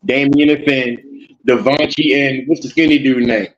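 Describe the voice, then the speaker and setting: A man's voice: mid-range voice, steady tone, normal speed. A man with a Baltimore accent co-hosting a podcast, talking bluntly and emphatically. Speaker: podcast co-host. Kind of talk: casual chat. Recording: dull lo-fi sound.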